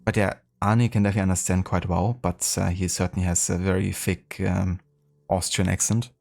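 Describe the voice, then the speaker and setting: Low-voiced streamer, rambling. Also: male voice, level tone, a little fast, gravelly, darkish tone. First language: German. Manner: rambling, full of fillers. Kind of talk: casual live-stream chat.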